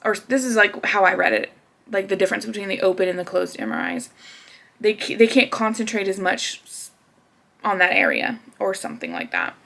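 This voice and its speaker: A woman's voice: medium pitch, sing-song, brisk, creaky, fairly bright tone. A young woman casually telling a personal story to camera, chatty, with frequent laughs and fillers. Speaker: vlogger.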